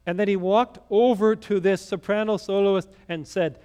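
A man's voice: sits high, steady tone, normal speed, hardly any pauses, darkish tone, clean tone, lo-fi sound. A man preaching a sermon, retelling a gospel story with conversational asides to the congregation. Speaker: pastor.

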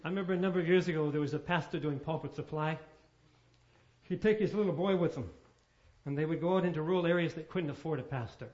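A man's voice: on the high side, fast talker, darkish tone. A male pastor preaching a sermon, telling stories and asking rhetorical questions, on a dull lo-fi recording.

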